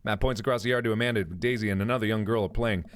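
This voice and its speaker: A man's voice: lowish voice, very fast. A man in his thirties hosting a gaming video, reading a dating game's text aloud with jokey, self-questioning asides. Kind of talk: let's play commentary, reading game dialogue aloud.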